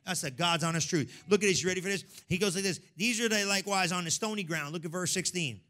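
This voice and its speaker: A man preaching a sermon in a church, calling out to the congregation and swinging between hushed, intense stretches and loud, sing-song exhortation. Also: high-pitched, quick pace. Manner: call-and-response preaching, swings from hushed to shouting. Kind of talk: energetic sermon.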